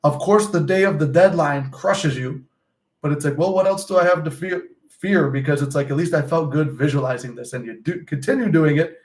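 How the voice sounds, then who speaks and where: A man's voice: a little high, a little fast. A young man who coaches on manifesting tells a rambling story, loose, swearing freely, full of fillers and asides. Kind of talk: casual storytelling monologue.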